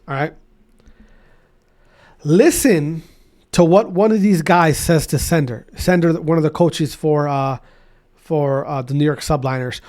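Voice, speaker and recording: A man's voice: fairly high pitch, darkish tone. A man hosting his own podcast, ranting in a loose, repetitive way with many restarts. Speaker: podcast host. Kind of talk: solo podcast rant.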